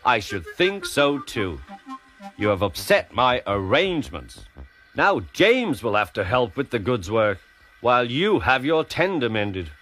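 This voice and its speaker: A man voicing a stern, formal older railway boss who speaks in a measured way, with music playing behind. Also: mid-range voice, sing-song, fairly bright tone.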